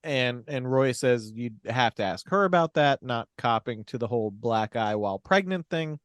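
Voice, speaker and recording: A man co-hosts a casual film podcast, recapping a plot emphatically with swearing and laughter. His mid-range voice is expressive and smooth, moving at a normal speed with no room sound.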